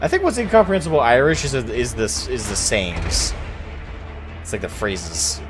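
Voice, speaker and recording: A man streaming a game with friends, chatting casually in excitable, profane, joking banter. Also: mid-range voice, moderate pace. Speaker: gaming streamer. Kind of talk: casual gaming chat with friends. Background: game music.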